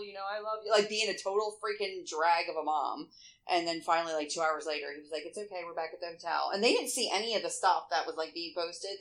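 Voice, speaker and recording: A woman, co-hosting a podcast in casual, animated chat full of fillers and swearing. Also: fairly low pitch, rough recording. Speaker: podcast co-host.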